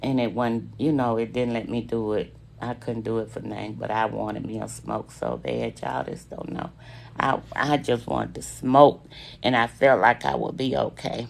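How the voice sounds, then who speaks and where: Her voice is very deep, creaky and darkish, animated at a moderate pace, with a slight hiss or hum on the audio. She's a woman recounting her own survival live to viewers, emotional, holding back tears, and calling them "y'all" and "babies."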